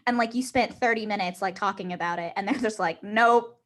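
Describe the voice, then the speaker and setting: A woman's voice: mid-range voice, fast talker. A woman co-hosting a podcast in casual chat, talking her ideas through and laughing between points. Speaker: podcast co-host.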